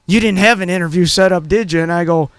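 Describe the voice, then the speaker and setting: A man with a high voice co-hosts a radio talk show and rambles through his stories, full of filler words. The sound is dry and close. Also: quick pace, clear, resonant tone, no echo. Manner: rambling storyteller, many fillers. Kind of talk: casual chat.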